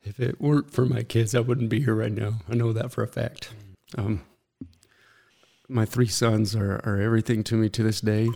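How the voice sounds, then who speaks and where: A middle-aged man telling his own story as an interview guest, earnest and halting, often pausing to reflect. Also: lowish voice, fairly even intonation, gravelly, warm tone.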